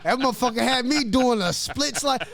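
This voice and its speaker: A man from Missouri, a podcast guest, telling a story in a casual, animated, profane way and acting out what others said. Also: very high voice, moderate pace, gravelly, crowd noise. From Grandview, Missouri. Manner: animated, profane, laughs often, acts out quotes.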